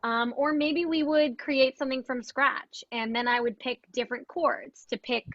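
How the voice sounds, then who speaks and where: Filling her explanation with "like" and "um," a young adult music therapist describes her methods as a guest in a casual interview. She speaks at a normal speed in a high-pitched, slightly bright voice with a steady tone. The audio is dry, dull, and lo-fi.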